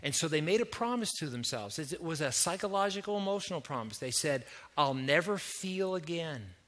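Preaching fast, a middle-aged Canadian pastor keeps his sermon lively and conversational, constantly engaging the congregation with questions. His voice is high for a man, with a bright and forceful ring.

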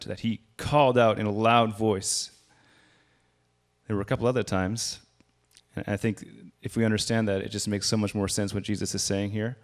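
A man giving a sermon as a guest preacher, speaking conversationally and raising his voice for quoted lines. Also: fairly low pitch.

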